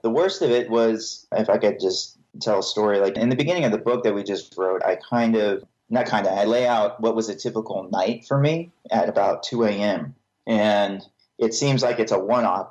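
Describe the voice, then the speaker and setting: A man with a somewhat low voice talks candidly as a podcast guest, earnest and self-deprecating. The audio is muffled and lo-fi. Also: darkish tone. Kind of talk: candid personal testimony.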